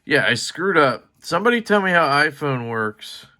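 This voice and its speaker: A man's voice: on the high side, big pitch swings, moderate pace, pushed and bright. A man taking apart a knife on camera, rambling to his viewers, often grumbling and joking at himself. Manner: rambling, self-deprecating, talks to viewers while fiddling; mild swearing and grumbling. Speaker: knife reviewer. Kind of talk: casual knife disassembly vlog.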